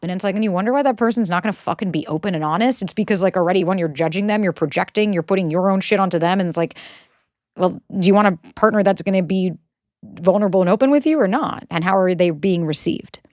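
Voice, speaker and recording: A woman's voice: mid-range voice, fast talker, a little mellow, no echo, studio quality. A woman in her thirties giving casual relationship advice, blunt and sarcastic, swearing freely. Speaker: relationship coach.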